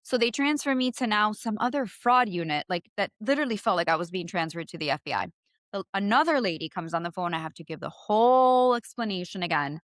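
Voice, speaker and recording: Animated woman with an accent, storytelling. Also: medium pitch, fairly quick, no room sound, studio quality. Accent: non-native English. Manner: animated, swearing, acts out both sides of phone calls. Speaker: podcast co-host. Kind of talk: casual storytelling chat.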